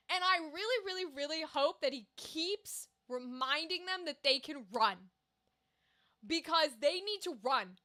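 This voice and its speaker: A woman talking to her stream viewers in an animated, casual way, swearing freely and bursting into exclamations. Her voice sits high and bright. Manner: animated, profane, quick to exclaim. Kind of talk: casual livestream chat.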